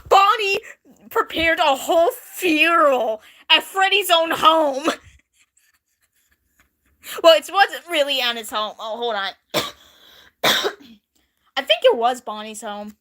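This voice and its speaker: A woman's voice: sits high, takes it slowly, long pauses. A young woman vlogger telling a story in a casual, chatty way, laughing often. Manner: giggly, animated, chatty with frequent laughs. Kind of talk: casual storytelling, reading an old drawing.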